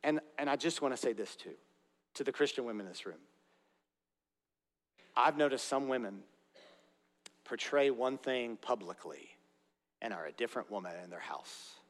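A man in his pulpit delivers a sermon in an earnest, direct way, breaking into casual asides to the people in the room. His voice sits at an ordinary middle pitch. Long reverb trails each phrase through the church sanctuary. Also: expressive, normal speed, long pauses. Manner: earnest preaching with conversational asides. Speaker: pastor. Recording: long reverb of a large hall.

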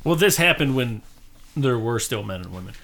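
A man's voice: medium pitch, animated, normal speed, fairly bright tone. A man co-hosting a casual podcast, leading the talk with teasing questions. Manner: teasing, leads the discussion. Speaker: podcast co-host. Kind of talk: casual chat.

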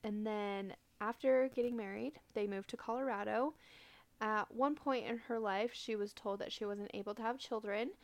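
A woman's voice: medium pitch, steady tone, moderate pace, no room sound. A young woman co-hosting a podcast, retelling a true crime case in a casual chatty way, with lots of fillers. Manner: chatty storytelling with many fillers and quoted asides. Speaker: podcast co-host.

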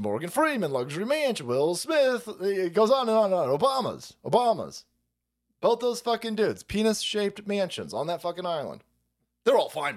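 A foul-mouthed male livestream host rants with a high voice that swoops all over the place. He is sarcastic and exasperated and stacks up repeated words in quick bursts. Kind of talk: profane livestream rant.

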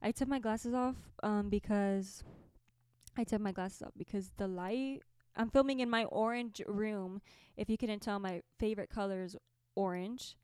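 Young woman rambling through a story, laughs a lot, smooth voice, dry small room. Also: medium pitch, normal speed, darkish tone, no room sound. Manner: chatty, laughing, lots of fillers. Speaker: podcast host and musician. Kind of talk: casual storytelling to camera. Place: small orange bedroom by a window.

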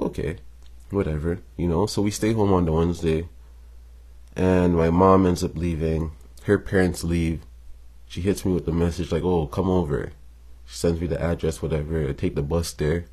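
A man's voice: low voice, dark tone, slightly rough. A young man telling a personal story in a casual, slangy monologue, swearing freely and chuckling between lines.

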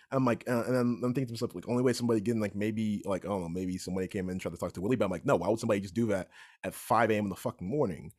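A young man telling a story in casual chat, animated and repeatedly asking "right?". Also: mid-range voice. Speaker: podcast guest storyteller.

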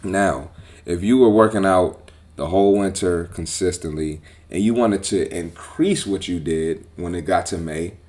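A man hosting a podcast as a personal trainer, talking bluntly and with profanity in a casual, animated monologue. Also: low voice, unhurried.

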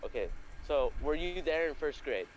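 A man's voice: a little high, lively intonation, normal speed, slight background noise, poor audio. A young man hosting a casual chat, telling a story in a rambling, profane way with lots of fillers and restarts. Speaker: podcast host.

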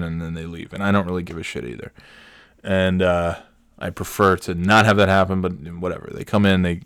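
A man's voice: clean tone, no room sound, clean studio sound. Rambling exasperated man telling a story. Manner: rambling, exasperated, voice jumps high when ranting. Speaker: podcast host. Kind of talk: casual storytelling monologue.

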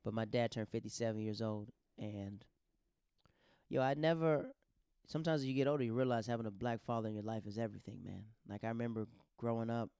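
A man hosting a podcast, telling stories in a casual, animated, slangy way and acting out the quotes. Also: lowish voice, a little fast, clear, resonant tone, dry recording, studio quality. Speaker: podcast host. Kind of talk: casual storytelling.

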